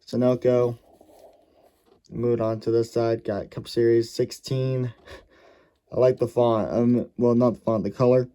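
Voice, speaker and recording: Dark-voiced man rambling through a hobby review. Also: medium pitch, little pitch movement, unhurried, pauses often, clear, resonant tone. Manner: rambling, self-correcting, thinking aloud. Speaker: diecast collector reviewing a model car.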